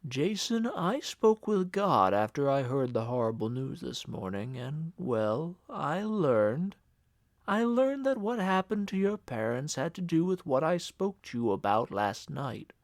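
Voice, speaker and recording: A man voicing a cold, pious middle-aged uncle who murmurs slowly and solemnly. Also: big pitch swings, no room sound, studio quality. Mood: accusing. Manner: low, murmuring, slow and heavy.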